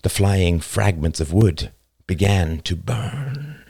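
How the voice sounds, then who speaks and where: A man reads a novel aloud in a slow, deliberate, dramatic manner. His voice is low and gravelly. The recording is close and dry, with no room sound. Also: lively intonation, darkish tone, no room sound. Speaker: narrator. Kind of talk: audiobook narration.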